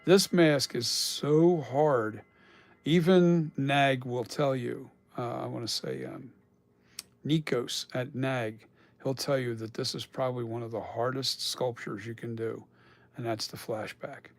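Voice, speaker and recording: Gravelly, rambling man on a live stream. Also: mid-range voice, unhurried. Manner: rambling, chatty, swears casually, laughs often. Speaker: mask sculptor on a live stream. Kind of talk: casual live-stream chat.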